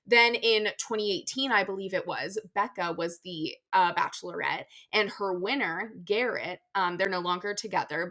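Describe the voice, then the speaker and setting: A young woman co-hosting a casual chat show, tired and talking in an animated way with many fillers and restarts. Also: mid-range voice. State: tired after a vaccine. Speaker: podcast co-host.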